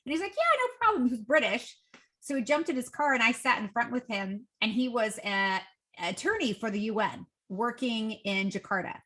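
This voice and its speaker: Bright-voiced woman telling stories animatedly. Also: normal speed. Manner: lively, acts out quoted dialogue with raised pitch. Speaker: podcast guest. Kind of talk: casual interview storytelling.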